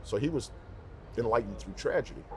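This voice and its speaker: A man who is a professional singer, guest on an interview show, telling stories in an animated, emphatic, rambling way. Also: medium pitch, brisk, slight background noise. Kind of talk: casual interview talk.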